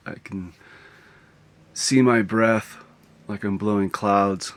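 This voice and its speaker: A man's voice: on the low side, fairly even intonation, takes it slowly, long pauses. A man vlogging from the road in a casual, rambling, reflective way, laughing now and then. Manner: musing, rambling, given to laughing. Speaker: travel vlogger. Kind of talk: casual reflective vlog talk. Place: outdoors on the road, then inside his vehicle on a cold morning.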